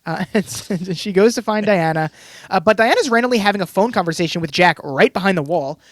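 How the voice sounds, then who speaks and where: A man's voice: high voice, lively intonation, quick pace, no room sound, studio quality. A man co-hosting a podcast, recapping an episode in a casual chat and laughing often. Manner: laughs often, lots of fillers and restarts. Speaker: podcast co-host.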